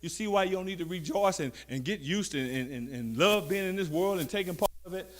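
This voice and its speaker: With a high, animated voice, a preacher delivers his sermon by reading scripture slowly and at volume. He then turns to address the listeners directly, with hushed asides woven in between.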